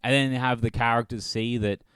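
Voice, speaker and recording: A man's voice: mid-range voice, fairly even intonation, brisk, a bit bright, smooth, dry recording. A man hosting a solo comedy podcast, rambling and swearing as he laughs at his own jokes. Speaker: podcast host.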